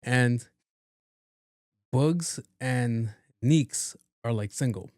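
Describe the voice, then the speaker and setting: A man's voice: medium pitch, drawn-out words, a little mellow, no room sound. Podcast host, male, loose profane storyteller, dry close sound. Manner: casual, profane, acts out the voices in his stories. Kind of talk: casual storytelling.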